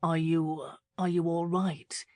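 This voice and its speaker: A woman voicing a soft, insistent young gentleman. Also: low-pitched, level tone, normal speed, no room sound, studio quality. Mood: tender. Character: brooding, intense young male suitor.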